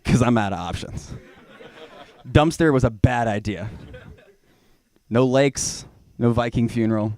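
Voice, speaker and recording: A man's voice: mid-range voice, a little slow, long pauses, a little mellow. A young man from Georgia doing a rambling, profane stand-up set in a small venue. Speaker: stand-up comedian.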